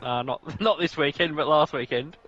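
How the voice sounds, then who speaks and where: Over racing commentary, a relaxed Australian stream co-host keeps up casual chatter, addressing everyone as "mate." The recording is muffled, and his fairly high voice comes across a bit bright at a moderate pace.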